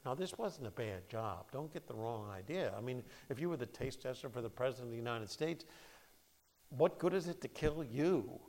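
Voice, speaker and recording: A man teaching a Bible study, reading scripture aloud and explaining it in a lively, conversational way. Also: medium pitch, creaky. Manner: lively, conversational, acts out quotes.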